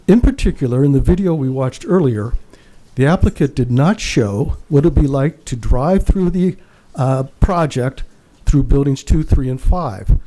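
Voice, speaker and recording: Earnest man with a mellow voice. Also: medium pitch, animated, normal speed. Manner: earnest, emphatic, reads from notes. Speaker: public commenter. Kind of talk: prepared public comment at a council meeting. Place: city council chamber.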